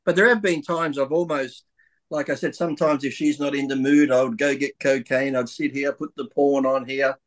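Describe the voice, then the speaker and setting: A middle-aged man telling crude stories in casual chat, animated and laughing as he acts out quoted voices. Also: medium pitch, normal speed. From Australia. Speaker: guest bodybuilder.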